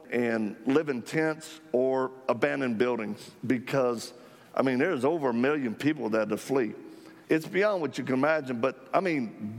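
A man's voice: mid-range voice, gravelly. Folksy man telling stories in a reverberant hall. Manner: animated, folksy, jokes about himself. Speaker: ministry leader speaking to supporters. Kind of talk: storytelling talk to a live audience.

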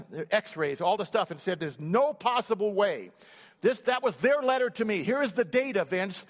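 A man giving a sermon in a church, telling a personal story, dropping to slow hushed lines and rising to loud emphatic ones. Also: high voice. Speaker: church speaker. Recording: long reverb of a church hall.

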